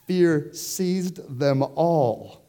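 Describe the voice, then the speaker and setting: A man delivering a sermon in a slow, unhurried cadence, his voice mellow and warm. He keeps turning to the congregation with questions, talking with them as much as to them. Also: fairly high pitch. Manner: conversational, asks the congregation questions. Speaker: pastor. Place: church.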